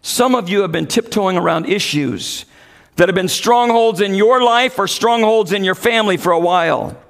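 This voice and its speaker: A pastor preaching an earnest sermon that builds in intensity. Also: male voice, high-pitched, moderate pace, gravelly, a bit bright, long reverb tail.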